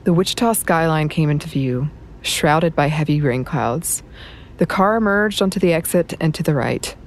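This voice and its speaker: Lady reading an audiobook, low voice, steady and measured. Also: a little hiss or hum. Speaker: narrator. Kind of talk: audiobook narration.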